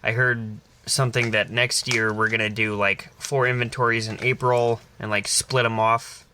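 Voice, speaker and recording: A man's voice: fairly low pitch, level tone, normal speed, noisy background. A young man from northwest Indiana co-hosting a casual podcast, laid-back and casually swearing. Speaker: podcast co-host. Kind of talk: casual chat.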